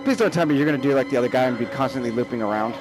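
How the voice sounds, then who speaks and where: A man's voice: medium pitch, very fast, over music. A young man giving let's play commentary, jumpy and nervous, talking back to the game's characters. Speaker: gamer.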